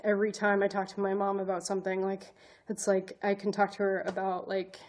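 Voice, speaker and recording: A woman's voice: mid-range voice, monotone, fairly quick, a little mellow. A woman vlogger telling a personal story in an earnest, rambling way, full of "like" fillers and restarts. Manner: earnest, emotional, self-conscious. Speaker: vlogger, advocate and educator.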